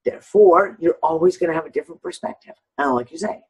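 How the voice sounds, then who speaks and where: A woman's voice: fairly low pitch, a little mellow, slightly rough, poor audio. A middle-aged woman hosting a casual talk, agreeable and explaining things at length. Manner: agreeable, drawn-out explaining, frequent "yep". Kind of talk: casual chat.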